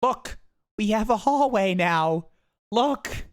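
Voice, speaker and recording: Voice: mid-range voice, slow. A streamer chatting casually from a home office, rambling with frequent restarts while showing photos of a new home. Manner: rambling, with restarts and animated quips. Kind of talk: casual live-stream chat.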